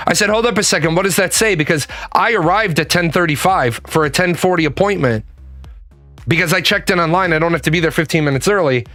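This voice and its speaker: A man's voice: sits high, fast talker, sharp tone, faint music behind. A man telling a profane, exasperated story about an argument over a missed appointment, acting out both sides of the phone calls. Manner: exasperated, swears a lot, acts out phone calls. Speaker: podcast host.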